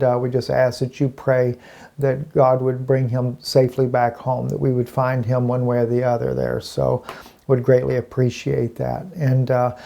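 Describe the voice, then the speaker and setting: A man's voice: mid-range voice, gravelly, dark tone. A man giving a casual online Bible teaching from home, rambling with many fillers and restarts.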